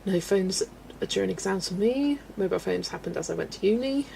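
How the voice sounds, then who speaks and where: Laughing Wiltshire-accented woman with vocal fry. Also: medium pitch, expressive, brisk, warm tone, slight background noise. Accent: Wiltshire, Southwest England. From Southwest England. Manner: chatty and self-deprecating, laughs often. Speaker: colouring live streamer answering chat. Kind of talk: casual live-stream chat.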